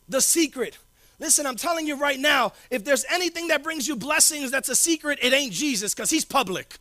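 In clean studio sound with no room sound, a man preaches a loose, slangy sermon. He repeats important phrases to stress them, shifting between loud pronouncements and hushed asides.

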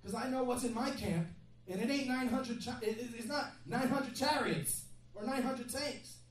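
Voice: mid-range voice, normal speed, a little hiss or hum. Brief: chatty, joking preacher mid-sermon, far from the mic in a very reverberant hall with faint ambience. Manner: conversational, joking asides to the congregation.

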